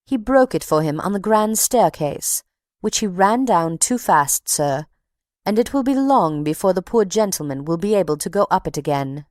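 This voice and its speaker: A woman's voice: lowish voice, lively intonation, normal speed, a little mellow, dry recording, studio quality, close to an everyday voice. Woman reading as a haughty, chatty box-keeper. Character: indignant middle-aged woman box-keeper, talkative.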